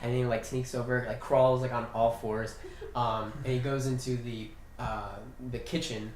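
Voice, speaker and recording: A man's voice: mid-range voice, little pitch movement, moderate pace, a little hiss or hum. A man running a tabletop game as game master, narrating loosely with lots of fillers and frequent laughter. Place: room shared with several players. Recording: roomy, distant mic with chatter of the group.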